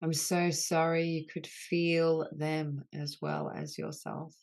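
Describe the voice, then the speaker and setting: A woman leading a guided healing session on an online group call, speaking in slow, soothing, repeated phrases. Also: low-pitched, flat delivery, darkish tone.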